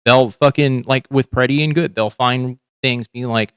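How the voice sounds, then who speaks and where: A man's voice: mid-range voice, steady tone, normal speed, hardly any pauses, a bit bright, clear, resonant tone, no room sound, clean studio sound. A man hosting a livestream, chatting casually about politics in a rambling, profane way with lots of fillers and restarts. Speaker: livestream host.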